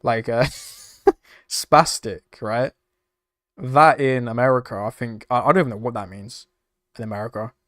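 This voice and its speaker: A man's voice: medium pitch, fairly even intonation, unhurried, fairly bright tone, no room sound, clean studio sound. A young British man chatting casually on a live stream, laughing often and swearing freely as he reacts to chat. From United Kingdom. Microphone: desk microphone.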